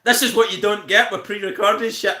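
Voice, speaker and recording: A Northern Irish man hosting a live stream, his voice high and bright. He swears freely and breaks into laughter as he ribs his viewers. The room around him is echoey. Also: fairly even intonation, fairly quick. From Northern Ireland. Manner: laughs constantly, swears, teases viewers by name. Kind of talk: casual live stream banter.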